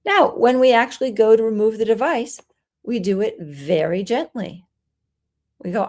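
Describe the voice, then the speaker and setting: A woman parenting coach giving a solo talk, explaining calmly and acting out soothing things a parent might say. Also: medium pitch, moderate pace. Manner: gentle, explanatory, acts out soothing parent lines.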